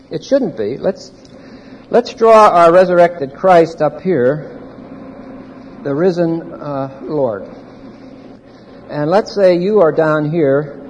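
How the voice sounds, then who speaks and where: A man with a high voice gives an expository Bible teaching to a live audience. He explains each grammar point slowly and turns questions back to his listeners. The sound carries a long hall reverb over faint background noise. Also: darkish tone.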